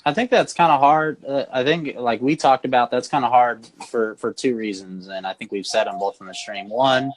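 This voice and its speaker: A man's voice: medium pitch, moderate pace, hardly any pauses. A man talking casually on a video call about his repair work. He hesitates and repeats words as he explains. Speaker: phone screen refurbisher guest. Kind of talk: casual live-stream chat.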